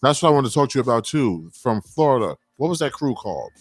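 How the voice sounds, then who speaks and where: A man's voice: mid-range voice, very animated, quick pace, dry recording. A man hosting a radio interview, reacting eagerly and asking short questions. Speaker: radio show host. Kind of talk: casual interview.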